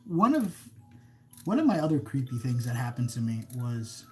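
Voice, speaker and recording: Hosting a casual live stream of creepy stories, a man rambles, breaks off mid-sentence, and reads viewer comments aloud. His mellow, medium-pitched voice swings widely in pitch at a moderate pace, with faint music in the background.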